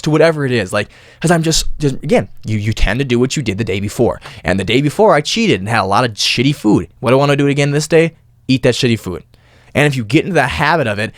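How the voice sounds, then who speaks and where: A young man hosting his own podcast, talking casually and animatedly, with loud mimicked noises now and then. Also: a little high, no echo, clean studio sound. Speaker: podcast host. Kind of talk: casual monologue.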